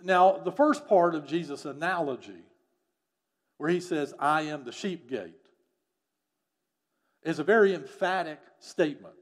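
A man with a fairly high voice preaches a sermon. He explains a scripture passage in a teaching manner. He often sinks quieter on key phrases. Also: a little slow, long pauses. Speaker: pastor. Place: church or studio with a screen.

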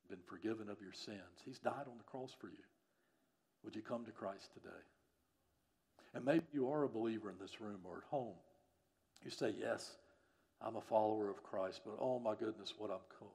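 A man preaching a sermon as a church pastor, earnest and pleading, who builds up to loud, emphatic peaks and then drops low again. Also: gravelly. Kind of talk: sermon and closing prayer.

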